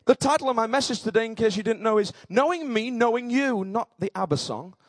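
A male pastor preaching a sermon in an emphatic style that rises to shouts. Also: extremely high pitch, expressive, a little fast, dry recording.

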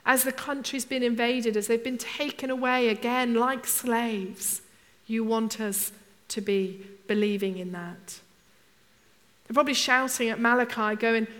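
A woman's voice: on the high side, fairly even intonation, a little slow, a bit bright. A woman preaching a conversational sermon, often asking her congregation rhetorical questions. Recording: long hall reverb.

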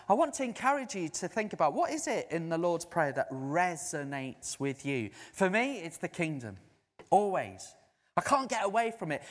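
A preacher with a lively, swooping delivery, telling a story from the pulpit and jumping up into a higher voice when quoting people. His voice carries a long reverb from a large hall. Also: normal speed. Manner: storytelling, animated, quoting others in raised voice. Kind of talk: sermon.

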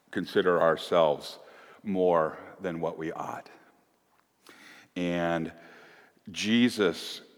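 A middle-aged man preaching a sermon, telling a family story and acting out the quotes in lively voices. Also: low voice. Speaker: pastor. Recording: long hall reverb.

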